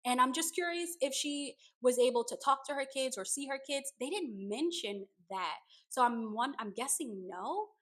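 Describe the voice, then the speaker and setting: Female recap host, slightly high voice, conversational and thoughtful. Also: lively intonation, normal speed, few pauses. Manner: retells scenes with quoted dialogue, conversational and reflective. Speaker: reality show recap host. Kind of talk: casual commentary recap.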